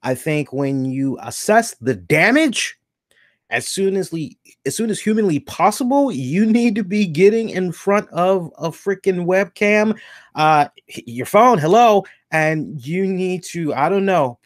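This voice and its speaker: Blunt, animated man with a bright voice. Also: high voice, measured pace, no room sound, studio quality. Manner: blunt, animated, swears freely. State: hiccuping after beer. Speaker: podcast host. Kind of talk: casual commentary.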